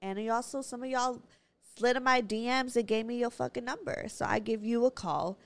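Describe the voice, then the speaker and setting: A woman's voice: a little high, fairly quick, creaky. A woman hosting her own podcast in a brash, bubbly, profane casual chat. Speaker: podcast host.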